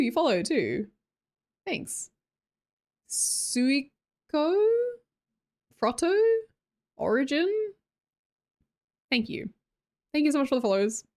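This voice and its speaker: A woman's voice: fairly high pitch, big pitch swings, normal speed, pauses often, darkish tone. Australian woman, casual livestream chat, playful, laughs a lot, sleepy late-night tone. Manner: playful, laughs often, chats with viewers.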